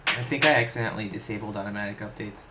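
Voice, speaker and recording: A man's voice: lowish voice, racing, bright, forceful tone. A man helping on a live stream, reading viewer questions aloud and dropping dry jokes. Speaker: co-host reading chat. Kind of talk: casual live stream chat. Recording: echoey room with background noise.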